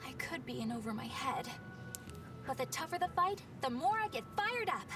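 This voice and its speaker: An earnest young exorcist girl who rambles when flustered, her voice pitched high. She is heard from a distance through game audio, with music playing behind her. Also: sing-song, moderate pace. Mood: musing. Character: earnest young woman exorcist, shy and eager. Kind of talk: game voice acting.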